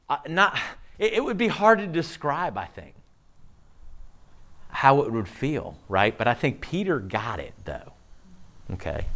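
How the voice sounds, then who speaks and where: A male pastor delivers a sermon in a high, very lively voice. He tells the story with animation, voices the characters' lines, and drops to hushed, low asides between louder bursts. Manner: animated storytelling, acts out quoted lines, frequent "okay?" asides; swings from loud emphasis to hushed low asides.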